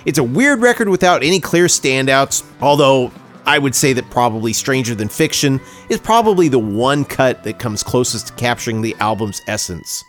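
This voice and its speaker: Male co-host, expressive pitch, wry scripted album reviews, light music bed. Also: moderate pace. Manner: dry joking, reads prepared reviews. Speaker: podcast co-host. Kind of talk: casual music podcast chat.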